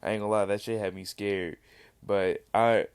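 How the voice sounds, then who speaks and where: A young man with a fairly low, smooth voice gives casual reaction commentary in a dry, close sound. He has the hiccups. His talk is loose and rambling, full of restarts. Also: steady tone, moderate pace, no room sound. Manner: rambling, loose, self-interrupting. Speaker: reaction vlogger.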